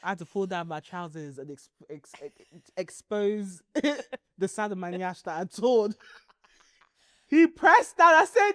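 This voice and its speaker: A woman, telling a story on a podcast in animated, laughing casual chat. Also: medium pitch, unhurried, dry recording, clean studio sound. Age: 30s. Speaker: podcast co-host.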